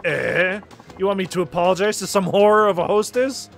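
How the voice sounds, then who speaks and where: A man's voice: high voice, moderate pace, creaky, fairly bright tone, faint music behind. A man voicing a sleazy, rude young male street thug, crude and pushy. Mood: sneering.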